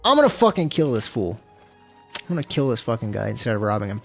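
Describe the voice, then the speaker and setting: A man's voice: on the low side, big pitch swings, quick pace, gravelly. A young man streaming himself playing a game, talking casually with lots of swearing. He rambles between jokes and irritation, and faint game music plays underneath. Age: young adult. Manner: profane, rambling, easily exasperated. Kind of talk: casual gameplay commentary.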